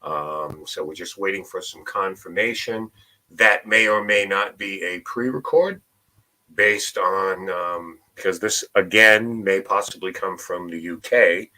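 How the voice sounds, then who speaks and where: A man with a very low voice and a bright, forceful edge rolls through a show lineup in easy, relaxed chat. He is the co-host, plugging upcoming episodes with loose, unhurried patter. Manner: relaxed, plugs upcoming shows.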